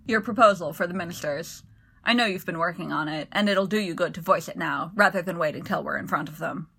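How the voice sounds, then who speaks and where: A woman reading the part of a rough-voiced male servant, wry and commanding, who speaks in a dry, measured way. The voice is bright and clear, with a quiet bitter edge to a storybook reading. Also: on the high side, exaggerated voice. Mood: dry, steady.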